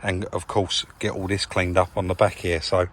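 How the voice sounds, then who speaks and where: A man from England in a car workshop, talking casually to camera as he cleans a car, relaxed and chatty, calling viewers "guys". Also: low voice, moderate pace. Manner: chatty, relaxed, says "crack on" and "guys" often. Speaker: car rebuild vlogger.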